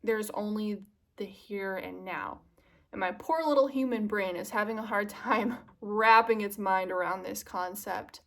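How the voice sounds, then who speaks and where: A woman's voice: medium pitch, unhurried, fairly bright tone. A young woman vlogger chatting casually to the camera, confiding and self-mocking, drifting into earnest musing.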